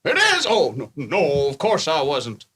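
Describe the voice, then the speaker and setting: A woman's voice: deep voice, huge pitch swings, measured pace, a bit bright, breathy edge, full character voice. A woman playing a brash tipsy male reporter. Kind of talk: script table read.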